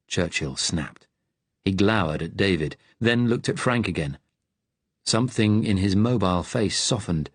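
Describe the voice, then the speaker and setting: A male audiobook narrator with a low, slightly husky voice. He reads in a measured, even way. The sound is dry and close. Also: no room sound.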